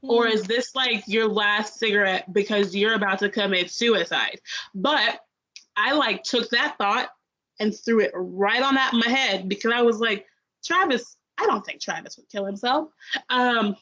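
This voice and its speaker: In a casual review chat, a young podcast co-host rambles through a lengthy story of binge-watching a show. She speaks in an unhurried mid-range voice that comes across pushed and bright, on a dull lo-fi recording.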